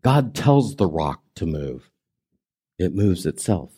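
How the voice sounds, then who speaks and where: A man preaching a sermon as pastor, conversational and emphatic, swinging between raised and hushed delivery and drawing the congregation in with questions. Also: deep voice, big pitch swings, slow, slightly rough. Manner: conversational preaching with audience prompts.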